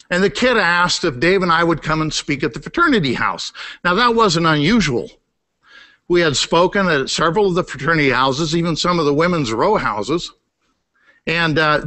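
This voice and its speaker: A middle-aged man preaching a sermon, emphatic, repeating key words, climbing high for emphasis and then dropping low and quiet. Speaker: pastor. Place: church sanctuary.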